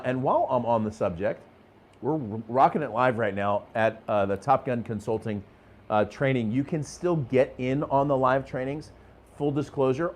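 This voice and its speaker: A middle-aged man hosting a live sales training show. He talks to viewers with energy and emphasis, chuckles often and restarts his phrases. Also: mid-range voice. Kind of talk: live motivational sales talk to viewers in chat.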